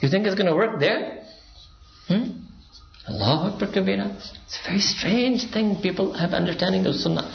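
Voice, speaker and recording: A man's voice: sits high, normal speed, gravelly, a little hiss or hum. A man giving a sermon-style lecture, driving his points home with rhetorical questions and frequent prompting "hmm?"s. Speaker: Islamic speaker. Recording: roomy, dull lo-fi sound.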